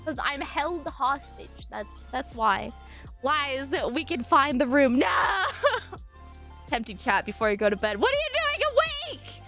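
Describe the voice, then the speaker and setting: A woman streaming live and chatting casually with her viewers, swinging between excited squeals and low mumbling. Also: measured pace, faint music behind.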